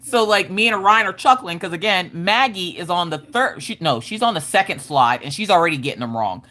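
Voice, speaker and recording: A woman's voice: fairly low pitch, fairly quick. A woman, hosting a live stream and chatting casually with viewers while telling a funny family story. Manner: animated, acts out quotes of others while telling a funny story. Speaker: streamer host.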